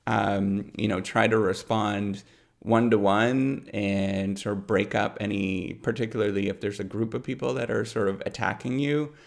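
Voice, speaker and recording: A man's voice: lowish voice, steady tone, moderate pace, vocal fry. A middle-aged man, a professor, giving rambling unscripted advice with lots of fillers and repeated words. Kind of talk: unscripted advice talk to camera.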